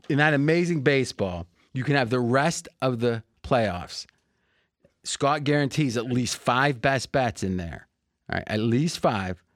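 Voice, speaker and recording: A man hosting a sports betting podcast in a joking, salesy way, pitching deals to his listeners. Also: no room sound, studio quality. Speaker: podcast host.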